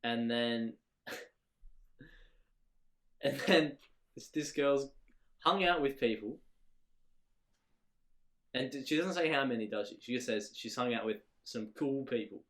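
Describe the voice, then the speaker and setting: A man's voice: mid-range voice, measured pace, pauses often, a bit bright. A man co-hosting a casual chat podcast, mocking and joking, with plenty of ums and restarts. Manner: hesitant with many ums, dry mocking. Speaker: podcast co-host.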